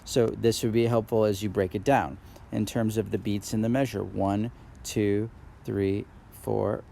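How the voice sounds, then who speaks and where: A man with a low, gravelly voice teaches a drumline exercise in a recorded video lesson. He explains step by step and patiently, with frequent fillers, and counts beats out loud. A faint hiss sits under the recording. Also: steady tone, unhurried. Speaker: percussion instructor.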